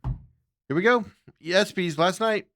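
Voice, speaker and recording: A man's voice: high-pitched, slow, a bit bright. A man hosting a sports talk show, chatting in a loose, casual way with chuckling asides.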